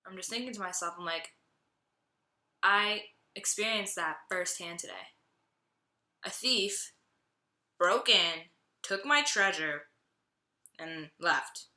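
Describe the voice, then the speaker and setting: A medium-pitched, sharp-toned female voice moves slowly, broken by long pauses, in a room with noticeable echo. The speaker is a young student giving a personal faith testimony, talking chattily and filling it with "like".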